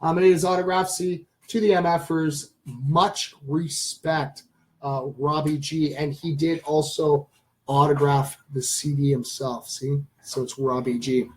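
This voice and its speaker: A man hosting a casual live stream, rambling enthusiastically to his viewers and addressing them as ladies and gentlemen. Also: a little high, fairly even intonation, unhurried, poor audio. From Canada. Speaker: channel host.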